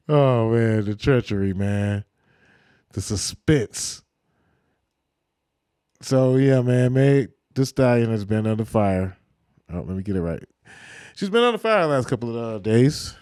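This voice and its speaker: A man's voice: mid-range voice, expressive, moderate pace, darkish tone, clean tone, no room sound, studio quality. A man hosting a casual livestream podcast, loose and rambling with lots of fillers and slang. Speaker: podcast host.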